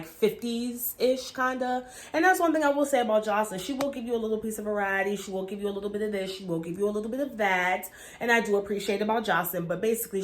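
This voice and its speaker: A woman recapping a reality show in a chatty, gossipy, profane way, filming herself at home on a camera. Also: lowish voice. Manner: chatty, gossipy, profane, lots of "you know". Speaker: TV show reviewer. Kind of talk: casual recap vlog. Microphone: camera mic.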